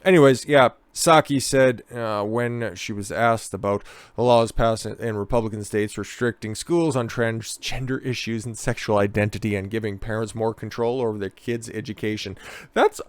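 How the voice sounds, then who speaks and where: A man's voice: lowish voice, fairly even intonation, moderate pace, clean tone, dry recording. Sarcastic, profane male political ranter. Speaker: political commentator. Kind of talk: casual political rant.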